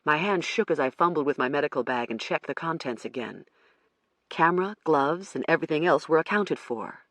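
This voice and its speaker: An audiobook narrator reading a first-person crime thriller in a measured storytelling manner. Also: mid-range voice, expressive, a bit bright, no echo.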